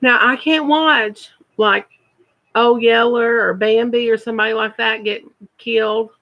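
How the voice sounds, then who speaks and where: A woman's voice: on the high side, steady tone, a little slow, lo-fi sound. A woman, chatting casually on her first live stream and repeating words for emphasis.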